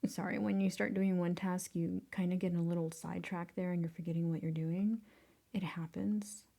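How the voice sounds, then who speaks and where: Gravelly, mellow woman muttering through a tutorial. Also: on the low side, fairly even intonation, a little fast. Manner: self-deprecating, often drops to a whisper while working; laughs at her own mistakes. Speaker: photo editing tutor. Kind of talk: casual screen-recorded tutorial.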